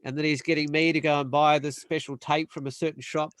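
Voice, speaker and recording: A young man telling a long, animated story in casual chat, acting out the other people's voices. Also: on the high side, smooth, no echo. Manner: animated storyteller, acts out quoted voices, quick bursts. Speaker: panel guest.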